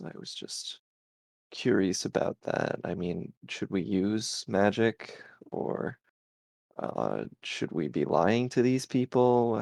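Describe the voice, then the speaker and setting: A man voicing a careful male adventurer in a low, gravelly voice, asking questions plainly. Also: darkish tone, no echo, clean studio sound.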